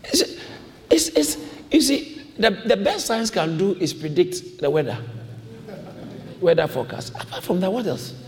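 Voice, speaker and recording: A man preaches a sermon in a church hall, emphatic and repetitive, calling on the congregation to repeat his lines. His voice sits high and swings widely in pitch at a moderate pace with frequent pauses, and the large hall adds a long reverb.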